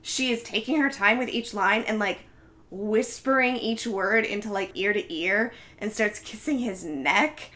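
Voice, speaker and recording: A woman telling a movie's story in a casual chat. Her voice is bright and clear, and she speaks at an ordinary middle pitch. She acts out the lines of the characters with lots of "like" fillers. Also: measured pace. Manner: animated storytelling with many fillers, acts out quotes. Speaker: podcast co-host recapping a film.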